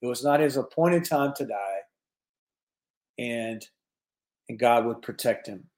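A man hosting a faith-based prophecy show tells a dramatic story in his own words. He then reads a testimony aloud, pushing up on key words and letting them sink back low. His pitch sits at a middling height for a man. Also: expressive, measured pace, a little mellow, reverberant. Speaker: host of a prophecy newscast. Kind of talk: retelling and reading aloud a religious testimony.

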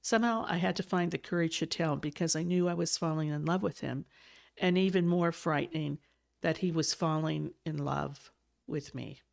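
A woman's voice: sits low, normal speed, vocal fry, darkish tone. A woman podcast host reading a novel aloud with expression and small self-corrections, then chatting casually about it. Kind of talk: audiobook-style reading, then casual chat.

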